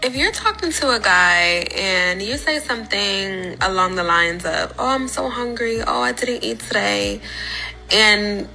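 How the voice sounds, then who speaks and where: Gravelly, bright-voiced woman giving advice. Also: medium pitch, a little slow, soft background music, low-quality recording. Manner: confident, matter-of-fact advice.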